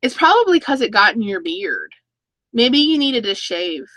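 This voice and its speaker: A woman's voice: a little high, very animated, moderate pace, a bit bright, no room sound, low-quality recording. A woman in her thirties hosting a casual live-stream chat, reading viewer comments aloud and laughing between stories. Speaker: YouTube channel host.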